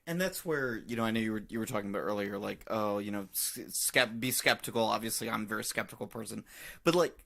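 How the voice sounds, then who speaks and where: Podcast co-host, casual joking chat, bright forceful voice, swears casually. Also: mid-range voice, quick pace, gravelly.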